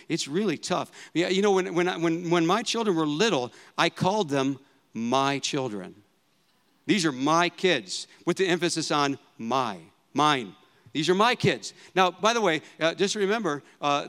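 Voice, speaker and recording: Pastor, man, 50s, chatty sermon delivery with repeated phrases, slightly raised pitch, long reverb. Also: a bit bright. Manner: conversational, repeats phrases for emphasis.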